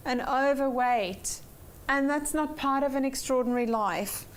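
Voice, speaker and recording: High-voiced upbeat woman teaching a class. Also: unhurried, slight background noise. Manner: upbeat, checks in with the class, repeats for emphasis. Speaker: personal development course teacher. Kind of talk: weekly workshop lesson to a class.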